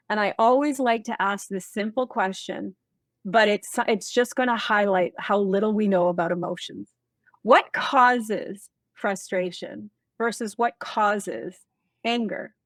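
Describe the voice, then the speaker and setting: A woman speaking as a guest expert in a casual interview, animated and emphatic, acting out bits of office dialogue. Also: medium pitch, no room sound, clean studio sound.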